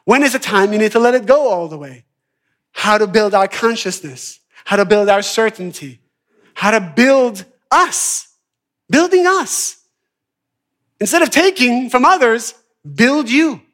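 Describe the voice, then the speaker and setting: A man with a high-pitched voice teaches an evening class. He is animated, dropping to quiet mutters and then rising to loud, excited bursts as he acts out everyday scenes. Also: moderate pace. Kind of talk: lively class lecture with acted-out examples.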